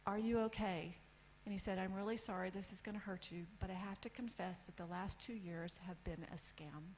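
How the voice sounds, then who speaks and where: A woman in her fifties stands on stage and tells her own story in a candid, direct way. She lists things one at a time with pauses for effect. A faint hum sits under her voice. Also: medium pitch, a little mellow, poor audio. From United States. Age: 50s. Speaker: speaker telling her story. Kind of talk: personal story talk on stage. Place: event stage.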